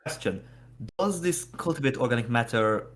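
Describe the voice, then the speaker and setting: Podcast co-host guy, mid-pitched voice, asks questions, drops dry jokes. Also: animated, moderate pace, a bit bright. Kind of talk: casual podcast chat.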